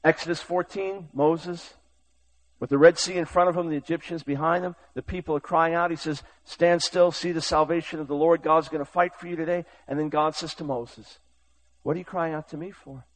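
Impassioned preacher man, fairly high voice. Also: steady tone, brisk, low-quality recording. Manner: impassioned, urgent, swings between shouting and hushed tones. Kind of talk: sermon.

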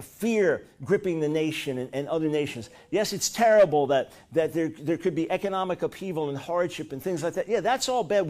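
A middle-aged man preaching a sermon, telling stories in an animated way, with loud high bursts when he acts out what people said. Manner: animated storytelling, rising to loud high-pitched bursts when acting out quotes.

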